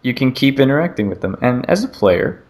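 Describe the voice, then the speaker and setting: A man co-hosting a casual gaming podcast, rambling through an animated retelling of a game demo. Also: mid-range voice, brisk. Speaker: podcast co-host.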